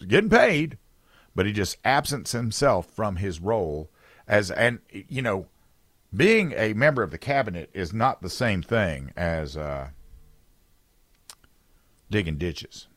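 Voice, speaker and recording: A man hosting a political talk radio show, talking emphatically with loud bursts, low asides and many restarts. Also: sing-song, a little slow, no echo, clean studio sound.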